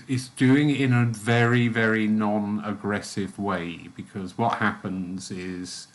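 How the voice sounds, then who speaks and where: A man leading a church group's guided meditation, then chatting casually with them in a gentle, soft-spoken way. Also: fairly low pitch. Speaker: spiritualist church meditation leader.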